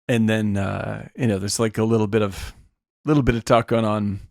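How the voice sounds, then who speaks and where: Gravelly-voiced man recapping a film. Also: on the low side, steady tone, normal speed, darkish tone, dry recording, studio quality. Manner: retells film scenes vividly, swears freely. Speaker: podcast co-host. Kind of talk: casual film discussion.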